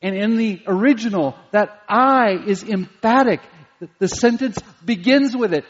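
A man's voice: high-pitched, normal speed. A man preaching a sermon as pastor, emphatic and dwelling on single words. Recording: dull lo-fi recording in a reverberant hall.

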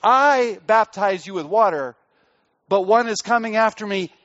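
High-voiced man preaching emphatically. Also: expressive, unhurried, highs cut off. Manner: emphatic preaching, swelling loud on key phrases then dropping low. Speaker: pastor. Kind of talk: sermon.

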